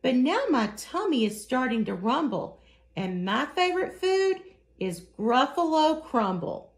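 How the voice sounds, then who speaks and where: A woman's voice: sits high, sing-song, unhurried, pitched above the performer's own voice, heavily acted. A woman doing a bold little storybook mouse. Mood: boastful. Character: small clever boastful mouse.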